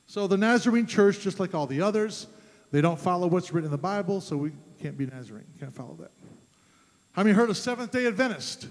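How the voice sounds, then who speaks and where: A man preaching a sermon as pastor, emphatic, rising to loud fervent peaks. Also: high-pitched, animated, fast. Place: church sanctuary. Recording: long church reverb.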